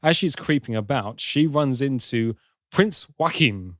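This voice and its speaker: Man, podcast film reviewer, casual sarcastic plot recap, mid-pitched voice, dry close sound. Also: expressive, measured pace, fairly bright tone, no room sound. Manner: chatty, wry storytelling with sarcastic asides.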